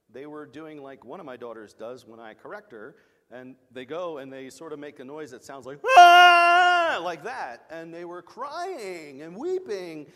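Animated middle-aged male preacher, echoing hall. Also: high voice. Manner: animated, emphatic storytelling. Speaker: pastor. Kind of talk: sermon.

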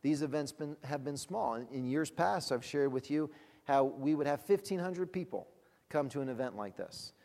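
Gravelly man telling ministry stories. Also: fairly high pitch, expressive, darkish tone, big-room sound. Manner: conversational storytelling, halting restarts, laughs often. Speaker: ministry leader. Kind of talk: ministry testimony talk.

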